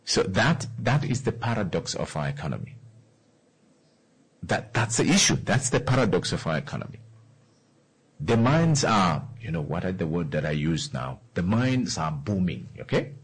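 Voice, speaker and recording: A man's voice: deep voice, big pitch swings, moderate pace, breathy edge, rough recording. A man from Namibia hosting a talk show, giving solo commentary to his listeners and repeating his key points with questions. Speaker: radio or podcast host.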